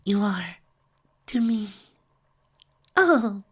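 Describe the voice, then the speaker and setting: A man voicing a timid, gentle pegasus mare, frail and dying, in a high breathy whisper. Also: very animated, extremely slow, full character voice. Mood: faint, tender.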